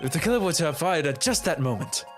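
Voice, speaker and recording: A man's voice: fairly high pitch, big pitch swings, fast talker, soft background music. A man voicing a pompous, long-winded male student witness in a fan read of a game. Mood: smug. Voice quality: pompous, lecturing.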